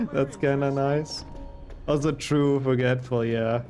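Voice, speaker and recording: A man's voice: medium pitch, normal speed, darkish tone, faint music behind. Chatty joking male streamer. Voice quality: chatty, joking, laughs often. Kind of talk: casual gameplay commentary.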